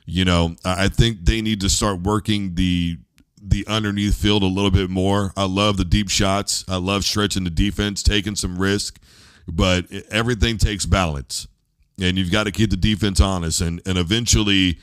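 A man's voice: sits low, fairly even intonation, normal speed, clear, resonant tone, no room sound. A man in his thirties hosting a casual sports talk show, loose and rambling, often repeating words as he starts a thought. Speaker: show host.

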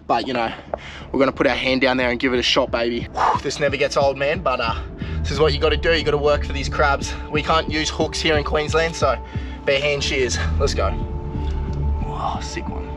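A young Australian man vlogging outdoors, talking excitedly and casually to his viewers, with plenty of slang. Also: on the high side, a little fast, over music. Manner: excitable, slangy, swears mildly, addresses viewers as guys. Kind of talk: casual vlog narration to camera. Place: outdoors in mangrove mud flats.

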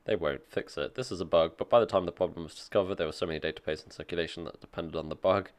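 Low-voiced man doing casual tech commentary. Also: very fast. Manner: reads aloud and comments offhandedly, dry jokes. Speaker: tech streamer reacting to an article.

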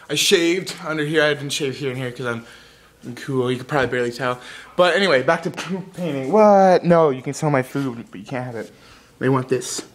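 A young man with a slightly high voice rambles through a casual home vlog. His talk is goofy and scattered, hopping from snacks to dogs to painting walls. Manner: rambling, goofy, jumps between topics while eating. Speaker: vlogger.

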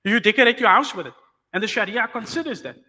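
Teaching Islamic law, this man speaks fast in a high, bright and forceful voice full of animation. He explains things patiently and keeps checking whether the students are following with rhetorical questions. The recording has a big-room sound.

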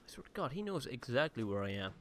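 A man's voice: medium pitch, big pitch swings, quick pace, a bit bright, slight background noise. A man giving casual, rambling let's-play commentary on his own game session, with mild swearing. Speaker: gaming YouTuber.

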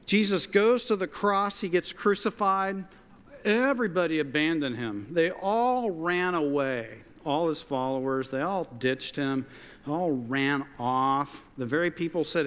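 Animated preaching man in a reverberant hall. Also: a little high, unhurried. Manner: animated, conversational preaching with quoted dialogue. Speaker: pastor. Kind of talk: sermon. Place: church sanctuary.

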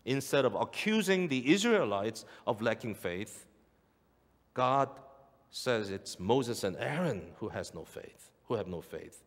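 A middle-aged male pastor preaches earnestly in a church sanctuary, repeating key phrases and asking the congregation questions. His mid-range voice swings widely in pitch at a measured pace, with long hall reverb on the recording.

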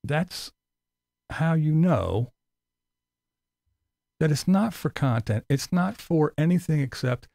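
A man's voice: a little high, expressive, slow, creaky, pauses often, a little mellow, dry recording. A man ranting sarcastically and profanely in a casual vlog. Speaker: vlogger.

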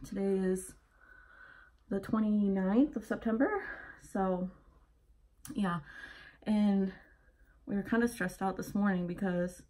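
A woman's voice: mid-range voice, slow, long pauses, mellow. A young pregnant woman chatting casually as she gets ready at home, a little out of breath and rambling with lots of fillers. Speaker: vlogger. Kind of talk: casual getting-ready vlog.

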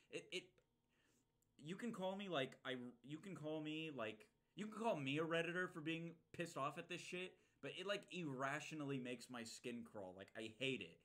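A man's voice: fairly high pitch, moderate pace, fairly bright tone. A young man casually commenting on a game he is playing, ranting and swearing, with lots of fillers and restarts. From United States. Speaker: streamer.

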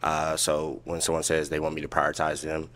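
A man in his thirties calmly explaining his reasons on a dating show. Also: a bass voice, fairly quick. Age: 30s.

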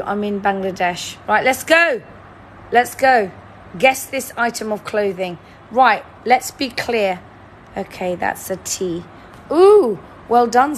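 Slow, teasing woman streamer. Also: medium pitch, slight background noise. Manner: chatty, teasing, playfully dramatic. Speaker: livestream host. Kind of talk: live-stream chat running a word-guessing game.

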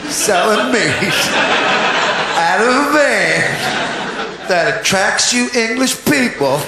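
A man's voice: high-pitched, expressive, slow pace, creaky, roomy sound, very noisy. A man doing stand-up, laughing through his lines and swearing, on a stage mic in a live venue. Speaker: stand-up comedian. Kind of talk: stand-up comedy. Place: comedy venue with audience.

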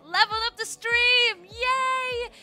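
A woman livestreaming in casual chat, excitable and given to loud, sweary outbursts. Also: very high-pitched, slow pace. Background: background music.

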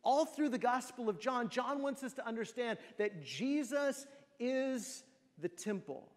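A man's voice: extremely high pitch, lively intonation, unhurried. A man preaching a sermon in a church, asking the congregation rhetorical questions. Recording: long church hall reverb.

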